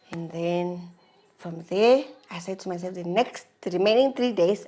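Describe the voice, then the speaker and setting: A young woman host telling a personal story in a candid, confiding way, sometimes dropping to a hush. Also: lowish voice, moderate pace. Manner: candid, emotional, confiding, drops to a hush at tense moments. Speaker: vlog host.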